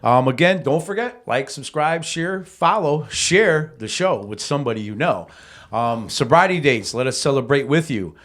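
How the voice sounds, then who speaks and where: A man hosts a podcast in an easygoing middle-pitched voice. He tells a story in rambling, profane slang with plenty of animation. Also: animated, normal speed, fairly bright tone. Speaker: podcast host. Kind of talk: casual storytelling.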